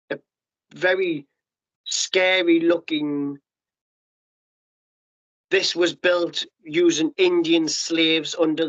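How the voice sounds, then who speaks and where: A middle-aged man telling his story as a podcast guest, blunt and sweary, with quick restarts and acted-out quotes. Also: fairly high pitch, a bit bright. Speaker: podcast guest, former paratrooper. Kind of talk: candid storytelling interview. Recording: muffled lo-fi podcast audio.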